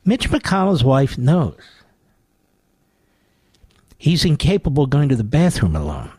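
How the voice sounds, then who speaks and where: A man's voice: medium pitch, wildly swooping pitch, measured pace, dark tone, husky, no echo. A man hosting a radio talk show, delivering a sarcastic, mocking monologue full of rhetorical asides into a studio microphone.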